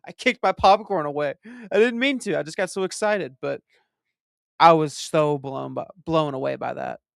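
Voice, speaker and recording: A man hosting a casual movie commentary, retelling his reactions in an excitable, profane, animated way. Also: fairly high pitch, moderate pace, creaky, no room sound, studio quality.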